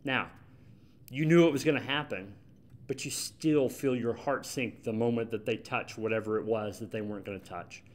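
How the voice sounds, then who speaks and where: A man's voice: medium pitch, moderate pace. A man preaching a sermon as pastor in a church, conversational and emphatic, repeating his key points. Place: church sanctuary.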